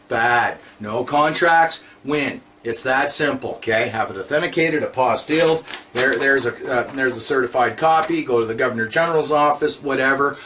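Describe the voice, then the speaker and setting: A man's voice: mid-range voice, sharp tone, a little hiss or hum. A man giving a blunt, repetitive, scolding monologue to his viewers. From Canada. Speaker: vlogger. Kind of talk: ranting monologue to camera.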